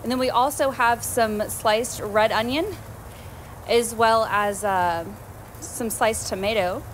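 A woman's voice: on the high side, steady tone, takes it slowly, a little hiss or hum, low-quality recording. A woman leading a cooking demonstration on a TV show, friendly and agreeable as she walks through each step.

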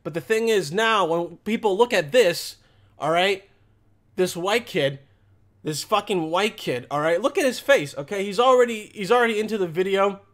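Man, sarcastic ranting vlogger, bright edgy tone, high voice, profane and blunt. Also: moderate pace. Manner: repeats "okay?" and "all right?" often. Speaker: commentary vlogger. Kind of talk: ranting reaction commentary.

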